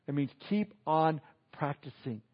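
At a measured pace, a man preaches casually to his congregation, dropping in asides and soft laughs. He's a pastor with a slightly high male voice, captured in dull, lo-fi audio like an old church recording.

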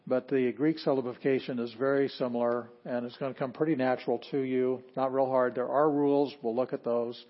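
A man giving an informal lesson on Greek pronunciation, relaxed and self-correcting, repeating words slowly to demonstrate them. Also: mid-range voice, dull audio. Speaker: Greek teacher. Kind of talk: informal classroom lecture.

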